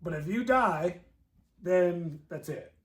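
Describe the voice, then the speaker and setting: A man with a notably high voice, chatting casually in a movie review and acting out scenes with plenty of laughter. He keeps the retelling lively and animated. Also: slow pace. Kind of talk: casual chat.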